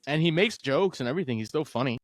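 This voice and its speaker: A man hosting a podcast in casual conversation, telling stories with lively acted-out quotes. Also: a little high, fast talker, dry recording, rough recording. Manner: animated storyteller, acts out quoted voices. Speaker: podcast host.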